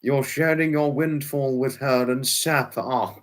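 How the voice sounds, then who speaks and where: A man's voice: mid-range voice, steady tone, slow. A man chatting live to viewers, answering comments in a rambling, fussy way with many restarts and exclamations. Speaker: live streamer. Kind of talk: casual chat answering viewers.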